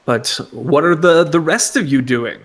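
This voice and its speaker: A man narrates a tabletop game as its game master, taking his time. His delivery is unhurried and halting, with pauses and fillers between phrases. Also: a little high.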